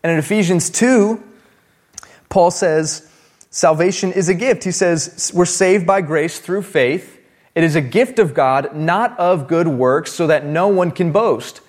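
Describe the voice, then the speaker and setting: Male pastor, fairly high voice, relaxed conversational preaching. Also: a little slow. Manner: conversational preaching, acts out Bible dialogue in his own voice. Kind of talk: sermon.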